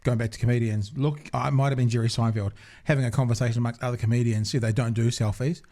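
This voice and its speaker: A man hosts a podcast from a studio, talking quickly. His questions are chatty and jokey, and his pitch is mid-range. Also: steady tone, mellow. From New Zealand. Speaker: podcast host. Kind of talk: casual chat.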